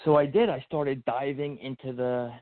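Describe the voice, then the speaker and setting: A man guest on a podcast telling an emotional personal story, animated and acting out what people said, with many fillers and restarts. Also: medium pitch, moderate pace, no echo. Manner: animated, acts out quotes, frequent fillers and restarts. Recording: phone-like narrow band audio.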